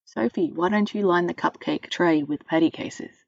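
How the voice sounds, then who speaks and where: Kind patient mother, read by a woman, gentle instructions, dry dull recording. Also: on the low side, moderate pace, creaky, no echo.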